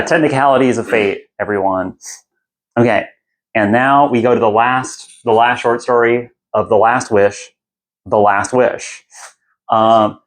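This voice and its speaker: A young man hosts a podcast, summarizing a fantasy book in a loose and irreverent way. His voice sits at an ordinary middle pitch. He rambles through fillers and restarts. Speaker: podcast host. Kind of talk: casual book recap.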